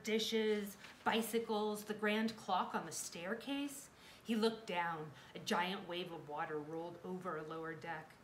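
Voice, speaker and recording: Woman reading a kids' chapter book, expressive, in an echoey room with faint hiss. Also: on the low side. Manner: expressive, dramatic storytelling. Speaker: reader. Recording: roomy echo, faint background noise.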